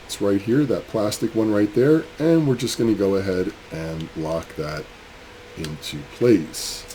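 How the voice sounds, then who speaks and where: A crypto mining channel host with a low voice rants angrily in a casual building vlog, rambling as he works, a little slow. He's fired up and sounds sick with a cold, and a faint hiss of room noise sits behind him.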